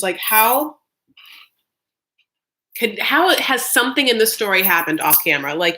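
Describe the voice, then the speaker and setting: Speaking in a gravelly, lowish voice that sounds pushed and bright, a woman in her thirties chats sarcastically through a live reality-show recap. "Like" fills much of what she says.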